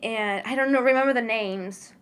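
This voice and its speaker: A woman's voice: fairly high pitch, moderate pace, clean tone. A woman co-hosting a podcast in casual chat, laughing often and talking in bursts with many restarts. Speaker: podcast co-host.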